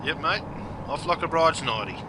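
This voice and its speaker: A man's voice: a little high, lively intonation, moderate pace, background noise, close to an everyday voice. A man with an Australian accent playing a brash, blokey Australian larrikin who explains slang and says "mate" and "bloody" in every line. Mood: blustering. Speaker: slang teacher. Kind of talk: comic skit and explainer.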